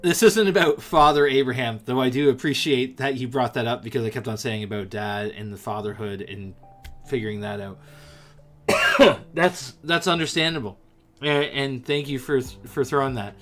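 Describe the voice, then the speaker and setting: Sex: man. Role: chatty livestream host. Pitch: mid. Behind: faint music. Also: moderate pace. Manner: chatty and animated, addressing viewers directly. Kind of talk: casual livestream chat about comics and scripture.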